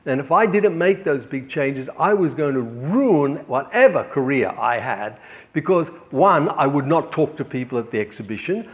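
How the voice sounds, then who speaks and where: A middle-aged man with an Australian accent telling a personal story as an art teacher, earnest and animated as he voices his own inner thoughts. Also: mid-range voice, normal speed. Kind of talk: talking to camera about art practice. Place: art gallery. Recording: slightly dull, lo-fi sound.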